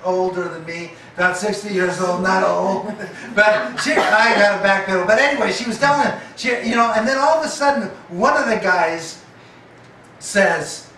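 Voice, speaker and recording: Telling stories in his sermon, a high-pitched male preacher animatedly acts out the voices of their characters at a normal speed. The audio comes from a distance in an echoey hall, with slight background noise.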